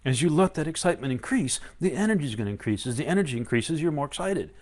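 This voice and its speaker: A man giving a live-streamed spiritual talk, animated and playful, often acting out excited inner voices. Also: on the high side, fast. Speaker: spiritual teacher.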